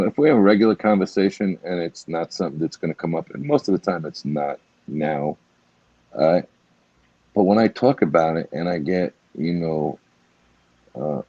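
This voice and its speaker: A middle-aged man with a low, husky voice, talking bluntly and swearing freely. The recording is dull and dry. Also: mellow, no echo. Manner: blunt, swears freely, many "you know"s. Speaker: guest. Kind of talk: emotional casual talk.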